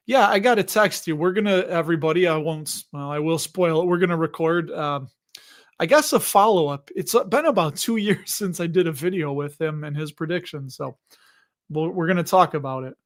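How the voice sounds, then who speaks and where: Man in his forties, high-pitched voice, casual live stream host, chatty, laughs a lot. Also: fairly quick. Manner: chatty, laughs often, greets viewers by name.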